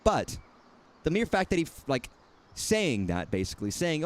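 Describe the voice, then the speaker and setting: Male streamer doing casual game commentary; animated pitch, wry and rambling, faint noise underneath. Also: normal speed. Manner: rambling, self-correcting, wry.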